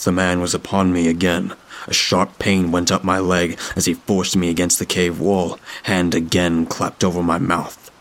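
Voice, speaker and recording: A man tells a horror story in a steady, measured voice. His voice is very deep and gravelly, with a flat delivery that barely rises or falls. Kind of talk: scripted horror story narration.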